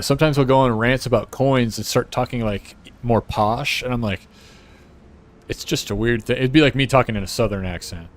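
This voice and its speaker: An American man streaming, chatting casually and profanely as he rambles and laughs. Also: lowish voice. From United States. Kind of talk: casual chat reacting to a clip.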